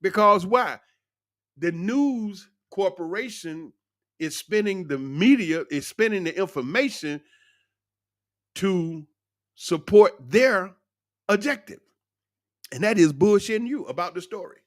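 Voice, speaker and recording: An older man vlogging in a casual monologue, an animated and rambling storyteller. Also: high-pitched, a little slow, pauses often, no room sound, clean studio sound. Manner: animated, rambling storyteller who laughs often.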